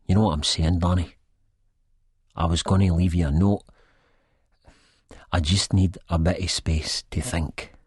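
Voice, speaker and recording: A man's voice: low-pitched, steady tone, unhurried, pauses often, husky, no echo, studio quality. A man voicing a weary young woman. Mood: strained. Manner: hushed, tired and guarded. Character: weary young Scottish woman, quiet and strained.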